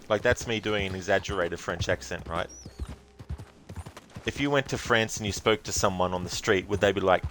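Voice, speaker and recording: Low-voiced rambling game streamer, male. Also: fairly even intonation, fairly quick, a bit bright, slight background noise. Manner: chatty, rambling, musing aloud. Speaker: gameplay streamer. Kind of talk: casual gameplay commentary.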